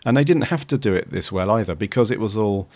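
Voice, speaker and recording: Deep-voiced man, dry close podcast sound. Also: lively intonation, quick pace, darkish tone, no room sound. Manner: hesitant, many "um"s while thinking aloud. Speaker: podcast co-host. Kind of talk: casual chat reviewing an episode.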